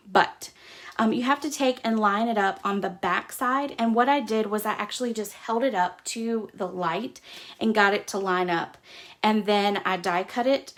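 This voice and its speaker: A middle-aged woman hosts a live stamping demonstration, narrating each step in a chatty, practical way while she works with her hands. Her voice has a gravelly, fried texture and sits at an ordinary middle pitch. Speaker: crafting host.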